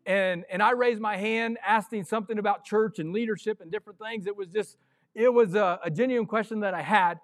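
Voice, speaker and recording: Fired-up preaching pastor, high voice. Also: male voice, brisk, no room sound. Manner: fiery, excitable preaching with sudden yells. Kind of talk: sermon. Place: church sanctuary.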